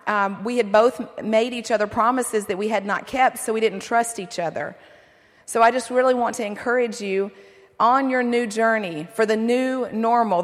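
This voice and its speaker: A middle-aged woman giving a sermon-style talk to a men's conference, earnest and encouraging, with lively asides. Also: on the high side. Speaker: pastor's wife speaking at a men's conference. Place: large hall. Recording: long hall reverb.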